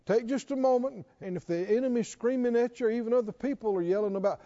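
A man's voice: very high-pitched, quick pace, few pauses, dark tone, lo-fi sound. A man preaching a sermon to a responding congregation, repeating questions and building to emphatic calls.

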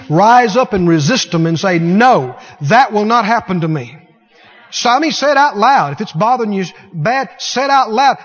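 A male preacher with a high voice delivers an animated sermon, breaking into shouts and scornful laughter as he acts out little scenes. His voice rings with a long hall reverb. The sound is dull and lo-fi.

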